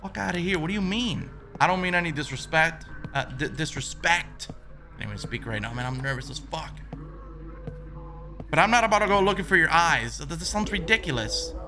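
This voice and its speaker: Male gamer, fairly high and very animated voice, nervous muttering, frequent cursing, startled yelps; noisy home recording. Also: brisk. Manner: jumpy, swears a lot, yelps when startled. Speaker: gaming video creator. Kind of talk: horror game playthrough commentary.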